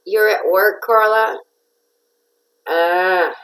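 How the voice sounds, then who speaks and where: A woman's voice: fairly low pitch, a little slow, rough recording. A nasal woman hosting a casual craft livestream, chatting and greeting viewers by name.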